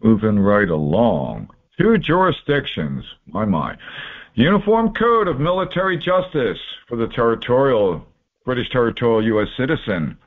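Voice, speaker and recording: A man's voice: medium pitch, sing-song, moderate pace. A man walking through court documents in a folksy, informal way, marking items off one by one with sarcastic asides. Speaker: presenter explaining court papers. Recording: tinny phone-like audio.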